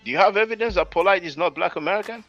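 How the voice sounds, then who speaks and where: A man's voice: sits high, very fast, a bit bright, muffled recording, faint music behind. Polite stammering man cutting in. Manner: polite, interrupts with "hold on", stammers.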